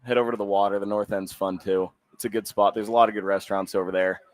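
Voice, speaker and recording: A man's voice: lowish voice, flat delivery, fast, no echo. A man in his twenties from the Boston area with a mild New England accent, a guest chatting easily on a radio show. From Boston area, USA. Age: 20s. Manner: easygoing, rambling with likes and you-knows. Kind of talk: casual radio chat.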